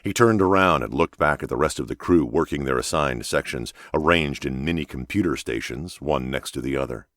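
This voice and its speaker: Very deep-voiced male audiobook narrator. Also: a little fast, few pauses, fairly bright tone, no echo, clean studio sound. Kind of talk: scripted narration.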